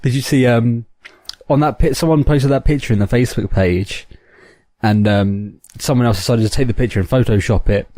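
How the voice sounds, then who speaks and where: A man's voice: mid-range voice, normal speed, a little mellow, no echo, clean studio sound. A man co-hosting a casual gaming podcast, talking in an easygoing and giggly way. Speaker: podcast co-host.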